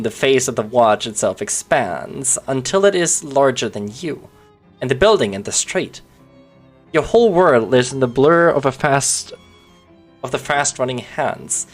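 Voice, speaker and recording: A streamer reading a text adventure aloud to a livestream audience, narrating expressively and breaking off to chat with viewers. The pitch swings widely and keeps the delivery animated.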